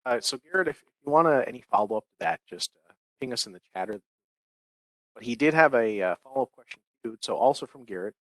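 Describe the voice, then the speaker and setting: A man with a mid-pitched voice moderates a webinar Q&A, reading participants' questions aloud in a friendly, easygoing manner. He is heard over a video call with a dry, close sound. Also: lively intonation, quick pace, no echo, rough recording. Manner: friendly, reads audience questions. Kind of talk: hosting a webinar Q&A.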